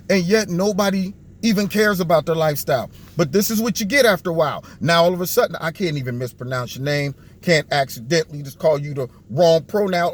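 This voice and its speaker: A man giving sarcastic political commentary on a video, mocking the people he talks about. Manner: mocking, acts out what others think in a low put-on voice.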